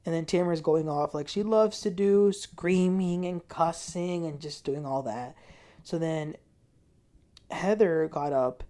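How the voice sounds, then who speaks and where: A woman with a somewhat low voice recaps a reality show in a casual way. She tells the story with animation and jumps up in pitch when she quotes people. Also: measured pace, warm tone. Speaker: TV recap host.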